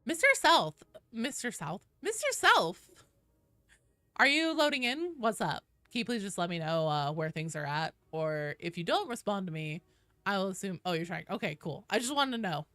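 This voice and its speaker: Casting: young West Coast American woman, chatty gaming streamer, bright lively voice, dry close mic. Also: on the low side, fairly quick, dry recording. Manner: chatty, rambling with fillers, swears casually. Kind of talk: casual gaming livestream chat.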